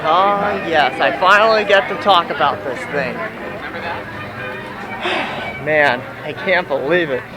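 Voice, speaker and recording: A man's voice: fairly high pitch, normal speed, few pauses, a loud crowd, poor audio. A young man vlogging while walking outdoors in a theme park, rambling with restarts and slightly out of breath, recorded on a handheld camera. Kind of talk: casual walking vlog. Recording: outdoor camera audio with loud ambient noise.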